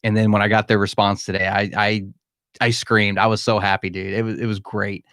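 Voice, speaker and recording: A man's voice: on the low side, flat delivery, fairly quick, a bit bright, dry recording, studio quality. A man hosting a live-stream Q&A from his home, talking candidly and emphatically and calling listeners "man". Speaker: podcast host. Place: home room.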